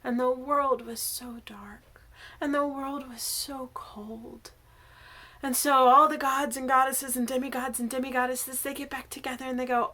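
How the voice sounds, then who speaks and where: A woman, a worship associate, telling a myth in a church service, animated and often dropping to a whisper. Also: high-pitched, unhurried.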